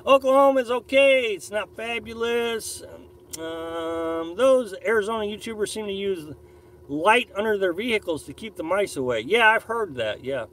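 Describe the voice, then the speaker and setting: Man, high voice, very animated pitch, rambling live-stream host answering chat. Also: low-quality recording. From Missouri, USA. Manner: rambling, repeats and restarts, opinionated. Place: camper on a beach campsite.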